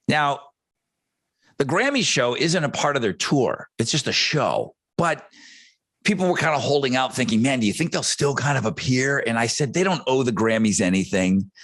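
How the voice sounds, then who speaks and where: A middle-aged man co-hosting a podcast, laying out his points step by step in a measured way. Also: medium pitch, animated, a bit bright, no room sound. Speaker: podcast co-host. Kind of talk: casual podcast chat.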